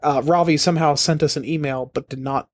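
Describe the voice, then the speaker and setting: A young man co-hosting a podcast, trading deadpan, crude jokes in casual banter. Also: fairly high pitch, a little fast. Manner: deadpan, crude jokey riffing. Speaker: podcast co-host.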